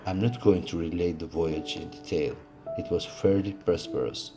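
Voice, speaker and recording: A man reading a classic adventure novel aloud, steady but with occasional slips and restarts. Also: low voice, moderate pace, music in the background. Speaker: audiobook reader.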